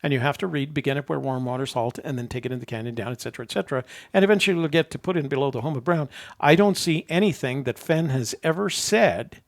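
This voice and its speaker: Older new guy with a gravelly voice, rambling and chuckling as he chats. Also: medium pitch, fast. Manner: rambling storyteller, chuckles at himself. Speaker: show host. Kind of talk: casual chat.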